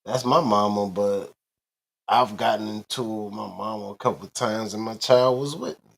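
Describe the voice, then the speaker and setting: A man co-hosts a casual chat show with a laid-back manner. He reasons his points through slowly and breaks into the odd laugh. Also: on the low side, gravelly. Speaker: podcast co-host.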